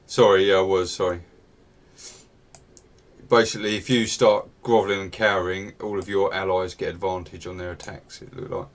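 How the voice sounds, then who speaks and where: Male game master, low voice, relaxed narration full of fillers. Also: normal speed. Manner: relaxed, hesitant with many fillers.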